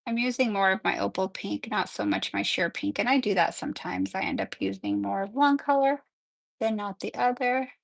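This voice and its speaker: Excitable woman with vocal fry. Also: mid-range voice, a little fast, no echo. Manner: chatty, excitable, often apologizing. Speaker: nail artist hosting a live tutorial. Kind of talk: casual live-stream tutorial.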